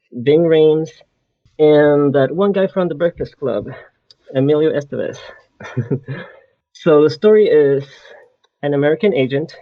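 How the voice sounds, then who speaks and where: A man's voice: fairly high pitch, dry recording. A man from Australia, a guest on a podcast, talking casually in an easygoing, slightly shy way. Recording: slightly dull lo-fi call audio.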